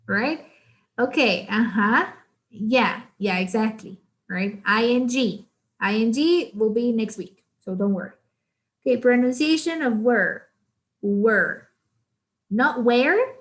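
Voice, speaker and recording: A young woman with a Guatemalan Spanish accent teaching an online English grammar class, mixing English and Spanish and often checking in with "right?". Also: fairly high pitch. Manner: switches between English and Spanish, frequent "right?".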